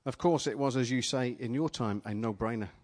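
A man preaching a sermon, retelling a vision in the first person, dramatic at first and then playful and energetic with volunteers in front of a live congregation. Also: medium pitch, fairly quick. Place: church gathering with a live audience.

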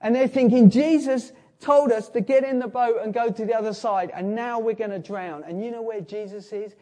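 In a lively sermon, a high-pitched male preacher narrates a story from the Bible, alternating forceful, loud moments with soft, slow ones.

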